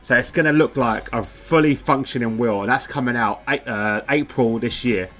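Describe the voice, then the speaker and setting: A man's voice: medium pitch, moderate pace, a bit bright. A man giving casual live commentary on a sim race, chatting in a rambling way with lots of fillers, speaking into a wireless headset.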